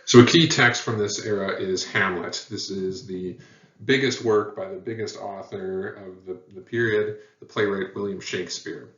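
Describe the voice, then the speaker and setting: A man's voice: on the low side, fairly even intonation, normal speed, fairly bright tone. A man teaching a lesson, explaining at an easy pace with frequent ums and uhs. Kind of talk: lecture on language history. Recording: echoey room, dull sound, mic at a distance.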